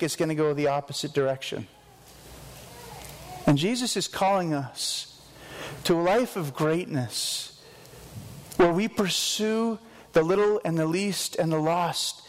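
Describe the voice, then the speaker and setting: A man's voice: a little high, long reverb tail, poor audio. A man preaching a sermon as pastor, earnest and conversational with self-deprecating asides.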